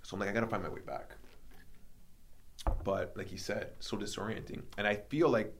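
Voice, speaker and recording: A man with a low-pitched voice recounts a personal story in a relaxed podcast chat. He talks animatedly, acting out what others said, with plenty of ums and likes. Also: moderate pace, vocal fry, background noise. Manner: animated, reenacts dialogue, many fillers. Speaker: podcast host telling his story.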